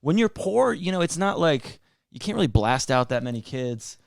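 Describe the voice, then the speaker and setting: A man's voice: on the high side, big pitch swings, normal speed, creaky, dry recording. Young man, from New York state, podcast guest, profane joking stories, dry close sound. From New York state, USA. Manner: profane, jokey storytelling with put-on quotes. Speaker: guest comedian. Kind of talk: casual podcast chat.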